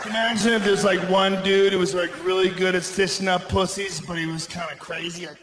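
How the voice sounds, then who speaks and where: Loud, shouting stand-up comic man. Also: high-pitched, a little fast, few pauses. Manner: loud, profane, animated storytelling with shouted punchlines. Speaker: stand-up comedian. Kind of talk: stand-up comedy routine. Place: large theater stage. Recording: roomy live theater sound with audience noise.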